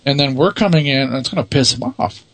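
A man's voice: mid-range voice, expressive, fast talker, no room sound. A man who leads a paranormal investigation team answers interview questions in a matter-of-fact, self-assured way.

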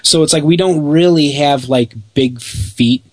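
A man's voice: on the high side, a little slow, no echo. A man from Illinois co-hosting a casual radio talk show, rambling with stumbling restarts and jokes. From Illinois, near Chicago. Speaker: radio co-host.

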